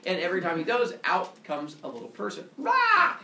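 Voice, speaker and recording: Brief: lively male teacher storytelling to a class, sound effects and voices; distant, roomy classroom sound. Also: high voice, fast talker, slight background noise. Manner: animated, goofy, sound effects.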